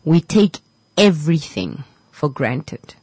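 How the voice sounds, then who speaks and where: A woman's voice: low voice, animated, slow pace, a little mellow, slightly rough, dry recording, low-quality recording. A woman radio host giving a heartfelt motivational talk to her listeners, repeating her points and dropping to a whisper at times. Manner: repetitive, preachy, emotional, drops to a whisper at times.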